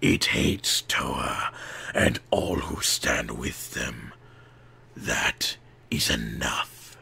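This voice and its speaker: A man voicing a sinister, gloating male shadow lord in a slow, low, hissing whisper for an audiobook. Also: vocal fry, bright, forceful tone, slightly rough, exaggerated voice. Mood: menacing. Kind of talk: audiobook character voice.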